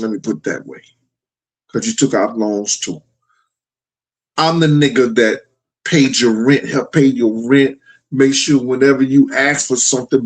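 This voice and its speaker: Over a rough recording, a middle-aged man with a mid-range voice hosts a livestream. He speaks frankly to his chat, telling stories in a blunt, profane way.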